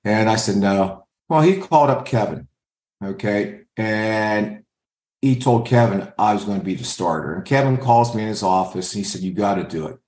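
A man's voice: on the low side, normal speed, a little mellow. An older man working as a scout, answering interview questions with anecdotes and acting out what other people said. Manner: storyteller who acts out others' lines. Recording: roomy echo.

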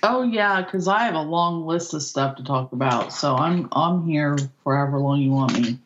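Woman, Midwestern accent, casting director, talkative, frequent laughter, lowish pitch. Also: normal speed, muffled recording, a little hiss or hum. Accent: Midwestern American. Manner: laughs often, warm and talkative. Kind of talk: casual interview chat.

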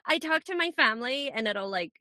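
A woman host whose Scottish accent has drifted toward American, friendly and quick to laugh. Her voice is bright and forward, and it sounds very dry and close because she records in a small clothes closet. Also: high voice, animated, dry recording. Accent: Scottish mixed with American. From Scotland. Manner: friendly, laughs often, agreeable. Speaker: podcast host. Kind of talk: casual interview chat.

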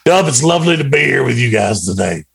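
A man's voice: mid-range voice, sing-song, quick pace, vocal fry, a crowd in the background. A man playing a boastful macho man who applies to be the show's newsman, bragging and insulting the others. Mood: swaggering. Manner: brags and insults, bossy.

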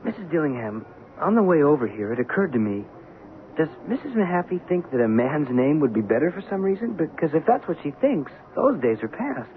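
A flustered theater agent stammers his way through a 1970s radio play, his voice rising and falling a lot. His slightly high voice comes through tinny and phone-like, with a faint hiss. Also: big pitch swings, fairly quick. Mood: pleading. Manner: nervous and stammering. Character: flustered male theater press agent, also narrating. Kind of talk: 1970s radio drama acting.

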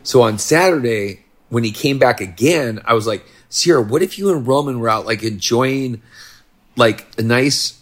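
A man's voice: mid-range voice, expressive, normal speed. A middle-aged man co-hosting a podcast, chatting casually with dry, laid-back remarks. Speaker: podcast co-host. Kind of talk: casual chat.

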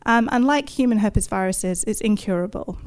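A woman's voice: mid-range voice, moderate pace, darkish tone. Woman telling a vivid true story. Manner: vivid, self-deprecating, present-tense narration with laughs. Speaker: neuroscientist telling a personal story. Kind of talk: first-person storytelling to an audience.

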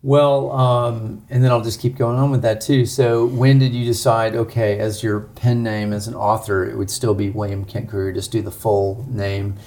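A man who grew up in the southern United States, co-hosting a book podcast in a loose, halting way. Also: on the low side, level tone, darkish tone. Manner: halting, many fillers and restarts. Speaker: podcast co-host. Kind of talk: casual chat.

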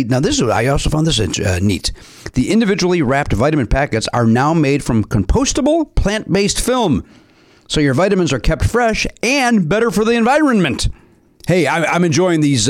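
Male host, comedy game-show podcast, joking and animated, higher voice.

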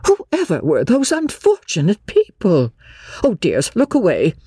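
A woman's voice: medium pitch, huge pitch swings, measured pace, dark tone, slightly rough, dry recording, studio quality, pitched above the performer's own voice, full character voice. A woman reader voicing a flustered, genteel older mother who exclaims fussily. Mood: shocked. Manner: exclaiming, fussy.

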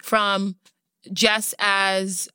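A woman's voice: medium pitch, little pitch movement, very slow, bright, forceful tone, clean tone, no room sound, clean studio sound. A woman hosting a podcast interview, asking reflective, encouraging questions. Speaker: podcast host.

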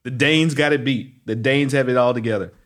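A middle-aged man hosting a casual podcast chat, animated and laughing often. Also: mid-range voice, fairly quick. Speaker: podcast host.

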